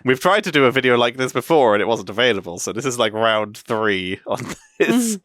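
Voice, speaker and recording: A young British man hosting a casual meme reaction chat, animated and laughing often. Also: a little fast, no room sound. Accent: British English. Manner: animated, laughs often, jumps into high exclamations. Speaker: host reacting to memes.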